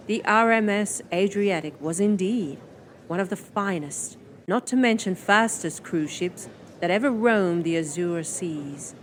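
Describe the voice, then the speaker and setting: A woman narrating an audiobook in a measured, descriptive way. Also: medium pitch. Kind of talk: scripted narration.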